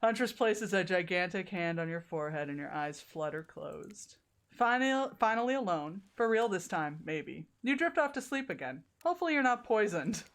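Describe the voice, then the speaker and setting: A woman streamer reading a dating game aloud in an animated, giggly way. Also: mid-range voice, normal speed.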